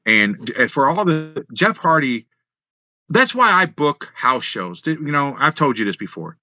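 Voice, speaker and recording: A man guest telling road stories in casual, animated talk, laughing and swearing freely. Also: on the high side, a little slow, no room sound, dull audio. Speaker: wrestling guest. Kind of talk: casual storytelling.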